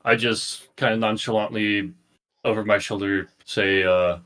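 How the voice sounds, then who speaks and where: A man's voice: lowish voice, fairly even intonation, measured pace, a bit bright. A man playing a tabletop game, describing his character's actions in a laid-back, matter-of-fact way. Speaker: player.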